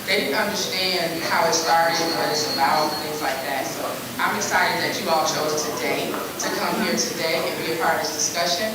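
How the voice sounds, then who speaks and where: A woman's voice: low-pitched, moderate pace, hardly any pauses. A woman hosting a panel event, giving informal welcoming remarks and repeating herself as she speaks. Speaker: event host. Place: large indoor event hall. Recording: echoey hall, mic far off, crowd noise.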